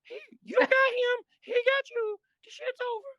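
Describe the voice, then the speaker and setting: A man imitating a huge, menacing male prison inmate who talks in a high, thin, whispery voice. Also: steady tone, normal speed, bright, forceful tone, dry recording, muffled recording, exaggerated voice. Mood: gruff. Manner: threatening.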